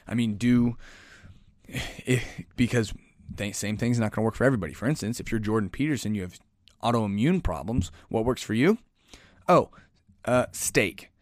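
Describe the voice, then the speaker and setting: A man's voice: medium pitch, no room sound, clean studio sound. A man hosting a podcast, giving a casual solo commentary that rambles, with sighs, restarts and self-corrections. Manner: says he is aggressive and in your face. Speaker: podcast host.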